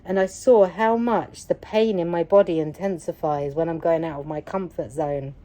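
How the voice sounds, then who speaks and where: A woman recounts a personal experience in a loose, chatty vlog style. Her voice is mellow and a little low, and she leans on repetition for emphasis. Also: moderate pace. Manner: emphatic, repetitive, animated retelling. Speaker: vlogger. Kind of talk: casual personal storytelling.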